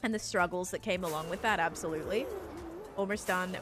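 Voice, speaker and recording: This young woman streamer talks fast in a lowish voice while gaming. Reading viewer messages aloud, she answers them in a rambling, friendly live-stream chat, with faint music audible behind her.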